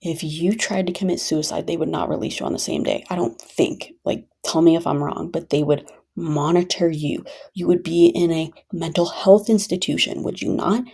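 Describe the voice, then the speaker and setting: Woman venting on her vlog, low husky voice, leans on her points over and over. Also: steady tone, moderate pace, few pauses, dark tone. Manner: emphatic, repeats points for stress. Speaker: vlogger.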